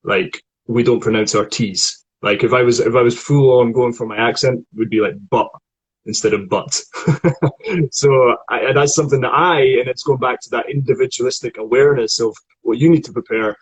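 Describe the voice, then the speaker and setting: A man's voice: medium pitch, normal speed, husky, poor audio. A man with a Scottish accent, a voice coach explaining acting technique in a chatty way with many restarts. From Scotland. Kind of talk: online acting lesson conversation.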